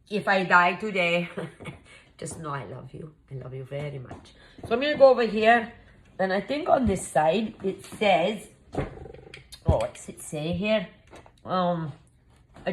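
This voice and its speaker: A woman's voice: mid-range voice, a little hiss or hum, poor audio. A woman as a rambling Mad Hatter cook. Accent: Scottish-tinged, shifting. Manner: rambling, flustered, chatty, muddles measurements. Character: scatterbrained cheerful female Mad Hatter cooking. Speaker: cooking show host in costume. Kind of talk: improvised comedy cooking demo.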